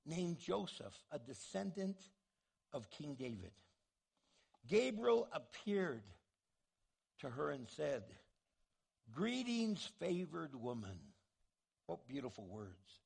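A man pastor preaching a sermon in an animated way, acting out the voices he quotes. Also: high-pitched, creaky, breathy edge.

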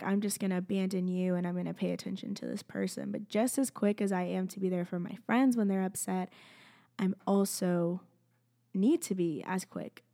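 Young woman with vocal fry, rambling. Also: mid-range voice. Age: young adult. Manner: rambling, constant "like" fillers, drops into soft whispers. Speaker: student sharing a faith journey. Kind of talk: casual heartfelt talk to camera. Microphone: own microphone, close.

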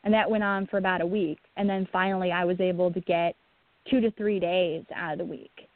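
A woman, a guest on the show, telling a painful personal account in a halting way, with many restarts and a breaking voice. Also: lowish voice, fairly even intonation, dry recording. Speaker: guest, bereaved mother. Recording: tinny phone line.

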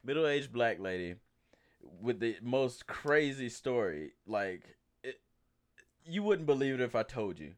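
A man's voice: mid-range voice, very animated, a little slow. A man hosting a casual podcast chat, laid-back, laughing often and swearing freely. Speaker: podcast host.

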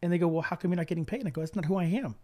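A man guest spinning a rapid, animated anecdote and voicing both sides of each exchange. He swears casually, and his voice sits on the high side for a man. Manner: animated storytelling, acts out dialogue, swears.

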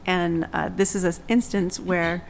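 A woman hosting a faith discussion, speaking calmly and reflectively and reading from scripture. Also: fairly low pitch, a little slow, vocal fry, slight background noise, poor audio. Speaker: podcast host.

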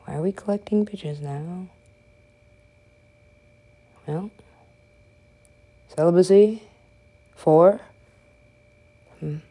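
A woman's voice: fairly low pitch, very slow, long pauses, warm tone. A woman giving casual gameplay commentary, rambling and joking with frequent swearing. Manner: profane, rambling, joking asides.

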